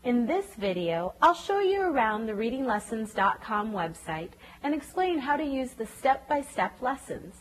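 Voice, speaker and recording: A woman narrating a scripted tutorial for teachers, clearly explaining step-by-step reading lessons and carefully sounding out phonemes. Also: on the high side, sing-song, normal speed, few pauses. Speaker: reading teacher demonstrating a website. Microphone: voice-over.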